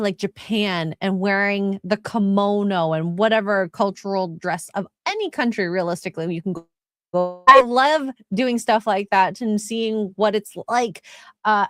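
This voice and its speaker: A woman's voice: mid-range voice, fairly bright tone, no room sound, clean studio sound. A woman in a casual podcast chat, chatty and exclamatory with frequent giggles.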